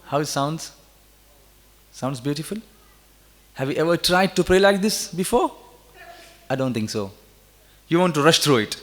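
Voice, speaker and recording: High-voiced man preaching in a hall. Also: animated, normal speed, long pauses, fairly bright tone. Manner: coaxes the audience to repeat, rises into fervent emphasis. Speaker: Quran reciter and teacher. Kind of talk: interactive religious talk with recitation. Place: large hall at a religious gathering. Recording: reverberant hall.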